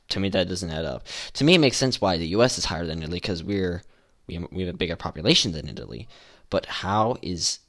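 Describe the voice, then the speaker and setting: Low-voiced man hosting a rambling podcast. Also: a bit bright. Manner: rambling, with many restarts and fillers. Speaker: podcast host. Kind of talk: casual solo podcast commentary.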